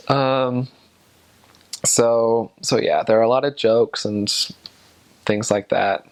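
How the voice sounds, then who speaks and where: A young man talks loosely to the camera in a rambling way, hedging often as he explains. His voice sits a little low and has plenty of gravelly vocal fry. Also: measured pace, pauses often, a little mellow. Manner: loose, rambling talk full of hedges. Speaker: returned missionary.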